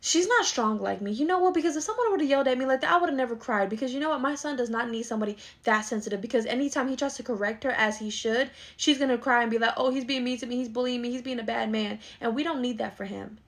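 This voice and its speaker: Comedy skit: woman as a scolding, son-favoring mother, fast talker, slightly high voice. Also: natural voice. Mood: indignant. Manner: scolding, dismissive, indignant. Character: bossy middle-aged mother who dotes on her son. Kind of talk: skit role-play.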